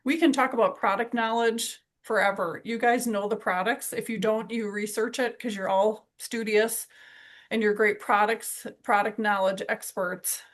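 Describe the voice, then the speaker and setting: A woman's voice: mid-range voice, steady tone, normal speed. Upbeat woman hosting her team call, keeps saying how good it was, super encouraging. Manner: enthusiastic, encouraging. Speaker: sales team leader hosting a weekly call.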